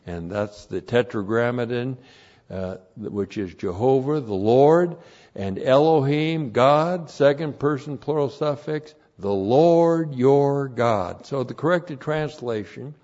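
A male pastor teaches at an unhurried, measured pace, lingering over each Hebrew term. His voice sits in an ordinary middle register and swells louder when he drives a point home. The recording is muffled and lo-fi. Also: medium pitch. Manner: slow, deliberate, spells out Hebrew words letter by letter; builds to emphatic, louder passages. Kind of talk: Bible teaching sermon with Hebrew word study. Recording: dull lo-fi sermon recording.

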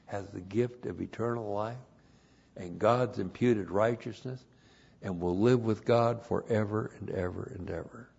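A man preaching a Bible sermon at an unhurried, deliberate pace. He grows loud and emphatic on key phrases and drags out single words for stress. The recording sounds dull and lo-fi. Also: fairly low pitch, vocal fry, slightly rough. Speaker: pastor. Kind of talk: expository sermon.

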